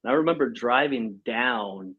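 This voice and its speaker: A man in his thirties, a guest on a podcast, telling a story in a casual, animated way and acting out what people said. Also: mid-range voice, moderate pace, husky, phone-quality sound. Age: 30s. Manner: animated, acts out quoted speech, laughs often. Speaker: podcast guest, company president.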